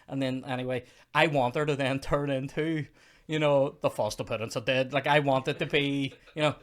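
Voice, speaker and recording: A man's voice: mid-range voice, fairly even intonation, moderate pace. A man hosting a comedy podcast, ranting in mock outrage and casual chat about a film.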